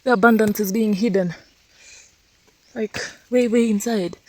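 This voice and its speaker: In a mid-range, slightly slow voice, a young homesteader walks viewers through her vegetable garden outdoors in a casual vlog. She's animated and exclamatory, marveling at her crops and calling out to her dogs, both scolding and cooing at them.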